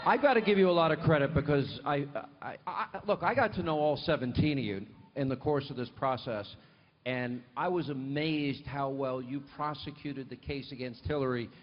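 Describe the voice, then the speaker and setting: A man's voice: mid-range voice, normal speed. A man hosting a live televised interview, asking long, emphatic questions with frequent restarts. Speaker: TV host. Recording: muffled live mic with hall reverb.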